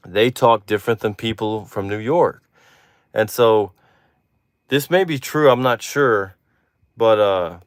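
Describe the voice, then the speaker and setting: A man's voice: mid-range voice, clean tone, no room sound, clean studio sound. A man from Texas with a Texan accent hosts a live stream in casual chat, rambling easygoingly and trailing off with lots of "you know" asides. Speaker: host.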